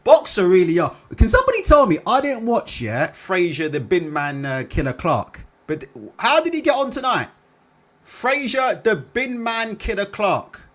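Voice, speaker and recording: A man's voice: high voice, wildly swooping pitch, moderate pace, hardly any pauses. A young man hosting a live chat, reading out comments and ranting with lots of swearing and "innit". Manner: swearing, rambling, fillers like "innit" and "yeah". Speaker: live stream host.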